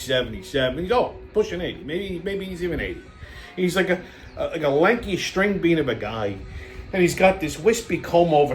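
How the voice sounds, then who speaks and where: A man from Brooklyn with a New York accent, rambling bluntly through a casual, profane monologue as the channel's host. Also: high-pitched. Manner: rambling, blunt, heavy swearing, lots of fillers.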